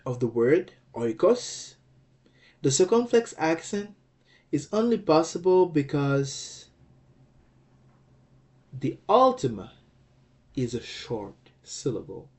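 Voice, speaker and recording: A man explains grammar rules in an unhurried, measured lesson. His voice is dark and mellow. He repeats phrases and pauses to check that the listener follows. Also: fairly high pitch, sing-song. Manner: slow and deliberate, repeats phrases, frequent "okay?" checks. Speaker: Greek language teacher.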